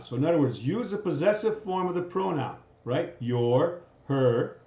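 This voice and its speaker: A man with a medium-pitched, darkish voice walks through a grammar lesson in a recorded lecture. He keeps checking comprehension with "right?" after nearly every point, and the audio is dull and roomy.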